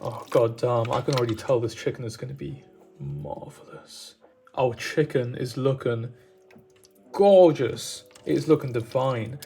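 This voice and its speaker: A man's voice: mid-range voice, lively intonation, unhurried, gravelly, mellow, faint music behind. A man chatting casually and enthusiastically as he cooks, wandering off on tangents. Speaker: cooking vlogger. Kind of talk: casual cooking chat.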